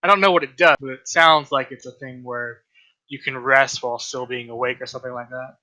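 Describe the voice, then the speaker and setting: A man's voice: medium pitch, fairly even intonation, fairly quick, pushed and bright, rough recording. A man chatting casually as a player in a tabletop game, joking and swearing.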